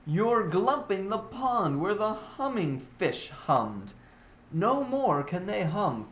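A man doing the Lorax, a croaky scolding creature. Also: a little high. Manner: scolding and pleading. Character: grumpy old male forest creature, scolding. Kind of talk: storybook character voice.

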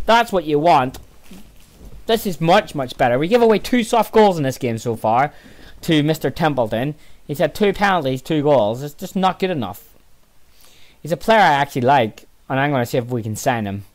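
Tired man commentating his own game. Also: a little fast. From Northern Ireland. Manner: excitable outbursts between low muttering. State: tired, yawning. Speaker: gaming channel host.

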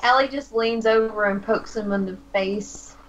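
A woman's voice: a little high, moderate pace, highs cut off. Woman narrating her character's actions. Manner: describes her character's actions, laughs often. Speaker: tabletop player. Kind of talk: casual tabletop role-play.

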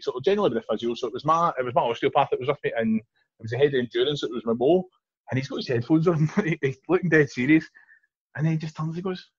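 A man with a Glaswegian Scottish accent, a guest telling stories in a quick, chatty way with frequent restarts. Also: on the high side, slightly rough, no echo. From East End of Glasgow, Scotland. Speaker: guest, Olympic hammer thrower. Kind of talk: casual podcast chat. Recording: dull, lo-fi podcast recording.

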